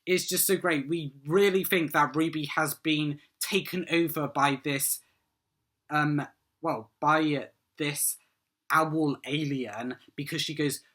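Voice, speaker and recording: A man's voice: on the high side, steady tone, slow, a bit bright. A man giving a casual solo review of a TV episode, rambling and eager, with many "um"s and "like"s.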